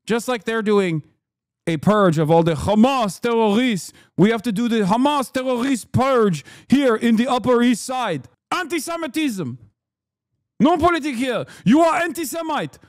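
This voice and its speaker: Man doing a high, shouty broken-English heckler; pushy and accusatory, dry close mic. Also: lively intonation, normal speed, dry recording.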